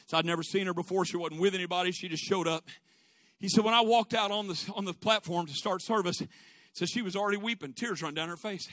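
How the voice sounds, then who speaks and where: A man preaching a sermon, moving from quiet storytelling to shouted exhortation. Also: sits high, quick pace, dry recording. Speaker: pastor.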